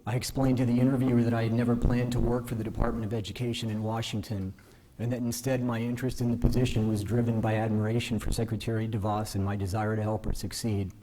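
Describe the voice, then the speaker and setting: A man giving a measured, earnest formal speech at a ceremony, modest and self-deprecating. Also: fairly low pitch, flat delivery, warm tone, slight background noise. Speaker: newly invested justice giving a speech. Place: ceremony hall.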